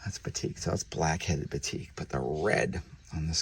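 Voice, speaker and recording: A man who breeds reptiles, hosting a casual vlog while handling snakes, chatty and sometimes dropping to soft murmurs toward the animals, recorded on a handheld camera mic indoors. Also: extremely low pitch, moderate pace, creaky, slight background noise. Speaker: reptile breeder and channel host.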